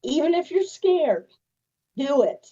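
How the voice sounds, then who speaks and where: A woman's voice: high-pitched, sing-song, slow, dark tone. A woman guest on a radio show giving emphatic advice and saying "you know" again and again. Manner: emphatic, repeats "you know" often, laughs. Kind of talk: casual advice chat. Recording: dull lo-fi sound.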